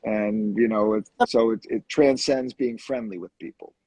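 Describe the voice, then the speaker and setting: A man, a surgeon co-hosting a live video chat, talking casually with halting restarts and laughing at his own jokes. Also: lowish voice, steady tone, a little mellow, breathy edge, dry recording, rough recording. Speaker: hair restoration surgeon, co-host. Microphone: video call.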